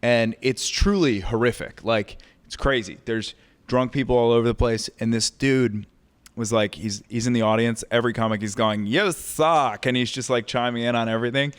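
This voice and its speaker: A man co-hosting a podcast, a stand-up comedian telling animated, profane stories in casual chat. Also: medium pitch, fairly quick, smooth. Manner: animated, profane storytelling with laughter.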